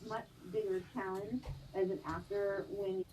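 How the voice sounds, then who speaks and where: A woman's voice: mid-range voice, little pitch movement, warm tone, slight background noise, rough recording. A woman on a live stream show, chatting casually about acting with frequent restarts. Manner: halting, with many restarts and fillers. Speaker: show co-host.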